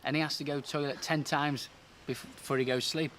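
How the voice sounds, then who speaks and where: A man's voice: on the high side, level tone, fast, a bit bright, a little hiss or hum. A young man chatting backstage, earnest and talkative, acting out quotes as he tells stories about his best friend. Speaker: best friend and tour companion. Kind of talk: casual backstage chat. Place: backstage room.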